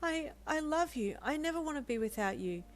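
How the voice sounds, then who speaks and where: A woman voicing a gentle young man who stammers and pleads earnestly in a fan fiction audio reading. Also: high-pitched, expressive, fairly quick, pitched above the performer's own voice. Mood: tender.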